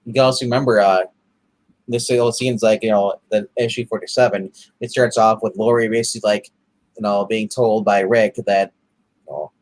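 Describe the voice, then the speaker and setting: A man co-hosting a casual comic review chat, excitable and rambling, often restarting his sentences. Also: lowish voice, brisk.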